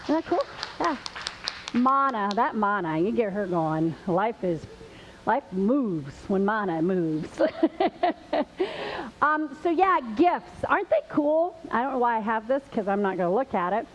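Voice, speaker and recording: A woman's voice: on the high side, sing-song, a little slow. A woman hosting a live church show, chatty and laughing, a little nervous as she tells a story. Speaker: host. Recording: dull lo-fi with faint hiss.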